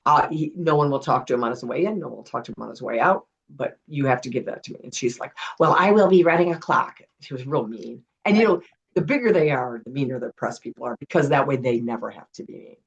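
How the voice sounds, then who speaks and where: A middle-aged woman with a gravelly, husky voice tells stories as an interview guest. She talks in an animated way and acts out the people she quotes. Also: rumbling low, fast, muffled recording. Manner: animated storyteller acting out quotes. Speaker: guest, retired television producer. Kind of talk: casual storytelling interview.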